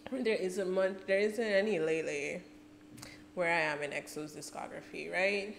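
A woman hosting a reaction video, gushing and excitable in casual commentary, often talking to herself. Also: mid-range voice, measured pace, vocal fry, a little hiss or hum. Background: faint music playing.

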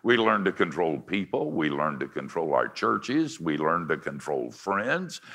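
An older man with a deep voice preaching a confessional sermon, swinging between forceful lines and hushed ones. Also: vocal fry.

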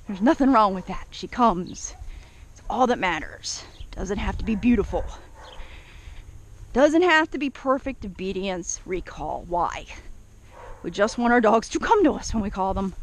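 Woman calling her dog with lively praise. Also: a little slow, long pauses, slight background noise. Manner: high, excited praise calls to a dog; calm, low explaining asides with fillers. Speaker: dog trainer. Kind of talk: casual training vlog.

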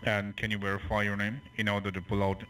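A man's voice: on the low side, monotone, fast talker, a bit bright. A man working a scam call center, who flips from scripted politeness to hurling crude insults. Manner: abusive, hurls insults and swearing. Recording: distant phone line with background hum.

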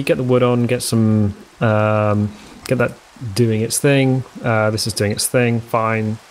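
A man talks through a game in a relaxed, rambling way. He counts under his breath and throws in self-mocking jokes. His voice sits at a middling pitch, with a faint hiss behind it. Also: poor audio. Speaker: let's play host. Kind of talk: casual gameplay commentary.

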